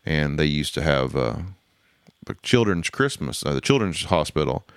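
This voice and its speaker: A low-voiced man with a drawl, chatting casually and bluntly with plenty of swearing. His voice is smooth and resonant. It is recorded dry and close, with no room sound. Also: big pitch swings, normal speed, dry recording. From Tulsa, Oklahoma. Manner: blunt, profane storyteller. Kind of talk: casual chat.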